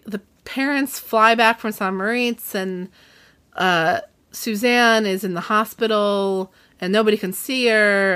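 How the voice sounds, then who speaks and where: A young woman casually recapping a book on a podcast, acting out the characters' lines as she goes. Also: medium pitch. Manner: lively, acts out quotes in voices. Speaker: podcast co-host. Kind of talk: casual book discussion chat.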